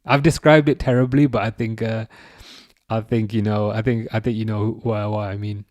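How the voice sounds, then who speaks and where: A young man hosting a live football watchalong. He reacts to the match and answers chat, with excitable outbursts at big chances. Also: fairly low pitch, moderate pace, no echo.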